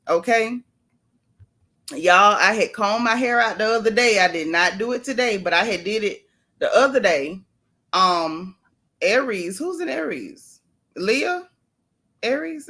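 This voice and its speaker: A woman's voice: on the high side, a bit bright. Chatty woman hosting a live stream. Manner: chatty, playful, greets viewers by name. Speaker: livestream host. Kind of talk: casual live chat with viewers. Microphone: camera close-up.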